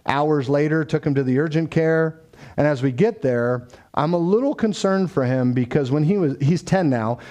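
A man's voice: fairly high pitch, warm tone. A man telling a family story in a casual, faith-tinged way, acting out the dialogue. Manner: conversational, acts out quoted dialogue, frequent fillers.

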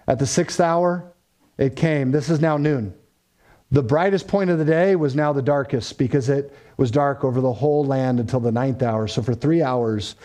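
Impassioned man preaching a sermon. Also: dark tone. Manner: rises in pitch and volume for emphasis, drops low for solemn points. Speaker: pastor. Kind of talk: expository sermon.

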